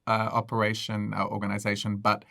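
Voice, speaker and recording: A man with an Australian accent explains the news as a guest journalist, measured and peppered with uhs. His voice is lowish and gravelly with fry. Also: monotone, a bit bright, dry recording, clean studio sound. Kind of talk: conversational news discussion.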